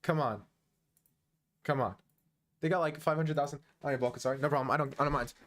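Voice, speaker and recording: This fast-talking man, twenty-one and from the United States, has a higher, fairly bright voice with a steady tone. While analysing chess on stream, he casually jokes, teases viewers, and chuckles frequently.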